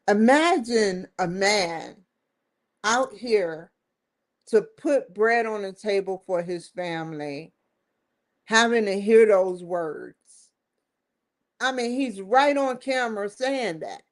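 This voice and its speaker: In an animated, mid-range voice, a woman talks slowly while hosting her own show. She offers forceful opinions that wander, circle around, and repeat themselves.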